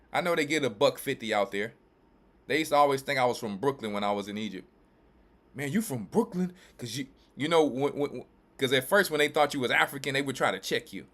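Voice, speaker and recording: A mid-pitched man from Louisiana and Texas speaks as a church elder and pastor. He preaches his commentary emphatically, repeating himself and restarting his phrases. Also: fairly bright tone. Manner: emphatic and repetitive, with quick restarts.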